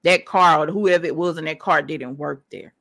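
A woman telling a personal story in an animated, emphatic way, speaking straight to her listeners. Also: low-pitched, normal speed, creaky. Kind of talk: casual storytelling monologue.

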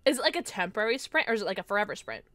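A woman streamer giving excitable, jokey live gameplay commentary, quick to laugh. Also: mid-range voice, no echo.

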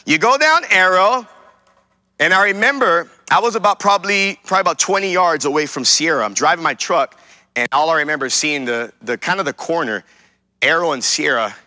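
A man's voice: a little high, animated, moderate pace, pushed and bright, no echo. A male pastor preaching a sermon, telling a personal story and making emphatic declarations to his congregation.

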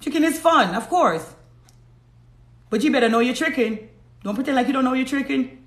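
Jamaican woman host, blunt live-stream advice, slightly high voice, echoey room. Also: expressive, normal speed. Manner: blunt, preachy, reads out viewer comments. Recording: roomy echo.

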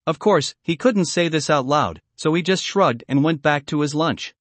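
Guy reading fanfic out loud, kinda high voice, dead dry mic. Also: moderate pace, dry recording. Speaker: narrator. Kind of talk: fan fiction reading.

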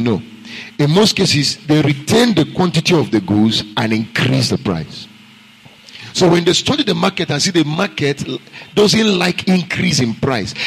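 A man with a Nigerian accent, a pastor preaching a sermon emphatically and checking in with the congregation with quick asides. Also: mid-range voice, slightly rough, rough recording.

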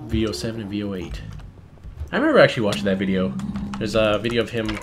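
A man's voice: lowish voice, animated, fast talker. Swearing Canadian young man gaming. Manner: swears a lot, teasing, laughs often. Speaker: gaming video host. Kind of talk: casual gaming banter. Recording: faint keyboard noise behind.

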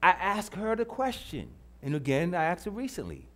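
A middle-aged man preaches from the pulpit in a high voice for a man. His pitch swings widely as he builds, and he keeps repeating key lines and asking the congregation if they are listening. The delivery is a conversational sermon that climbs toward emphatic peaks. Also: wildly swooping pitch, moderate pace, fairly bright tone. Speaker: pastor. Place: church.

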